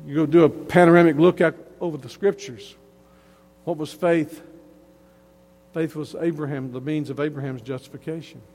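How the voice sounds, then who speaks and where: A man with a high voice preaches an emphatic sermon. His words ring out with a long hall reverb, and he often restarts phrases as he drives each point home. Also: fairly even intonation, moderate pace, darkish tone. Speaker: pastor.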